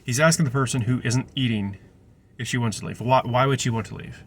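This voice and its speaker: A man's voice: mid-range voice, fairly quick. A young man, a restaurant server, casually telling a rambling story full of restarts and digressions.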